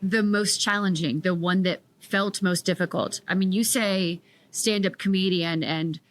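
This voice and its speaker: Low-voiced woman hosting an unhurried interview. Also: fairly even intonation. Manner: measured, unhurried questions. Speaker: podcast host.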